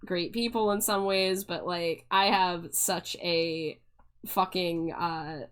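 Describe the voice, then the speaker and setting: A woman's voice: fairly low pitch, fairly even intonation, slow pace, fairly bright tone, clean tone. A young woman streaming live, chatting casually with viewers, giggling and restarting her phrases as she goes.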